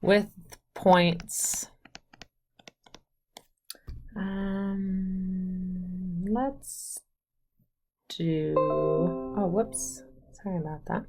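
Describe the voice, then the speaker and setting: A woman with a slightly low voice teaching math on video. She chats straight to her students and pokes fun at herself. Now and then she counts quietly under her breath while she sketches at the board. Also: fairly even intonation, extremely slow, gravelly, soft background music. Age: adult, married with children. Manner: chatty, self-deprecating, talks straight to the students; counts aloud softly while drawing. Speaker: math instructor. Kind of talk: recorded video math lecture.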